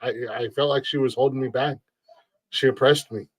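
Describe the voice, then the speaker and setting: Loud joking American podcast host. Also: male voice, mid-range voice, steady tone, brisk, dry recording. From United States. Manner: loud, profane, joking mock outrage. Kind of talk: casual comedic banter.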